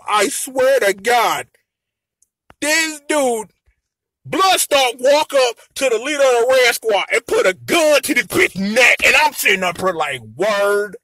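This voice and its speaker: Young male reviewer, very high bright voice, slangy and animated, dry close sound. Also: dry recording. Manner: animated, slangy, acts out characters in quoted voices. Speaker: anime and tokusatsu episode reviewer. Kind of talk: casual review rant.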